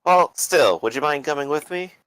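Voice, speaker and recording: A man playing a tabletop role-playing game who drops deadpan joking asides. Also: on the high side, normal speed, clean tone, no echo. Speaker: player.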